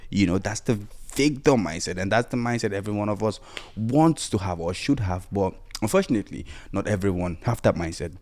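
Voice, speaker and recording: A man hosts a solo motivational podcast in a lowish, darkish voice, speaking briskly with lively intonation. His tone is casual but insistent, urging listeners on as he repeats himself and fills gaps with "you know."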